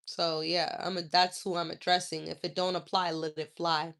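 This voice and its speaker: A woman's voice: lowish voice, flat delivery, moderate pace, creaky, a bit bright. A woman hosting a casual live stream, answering viewer comments in a blunt, profane, scolding way.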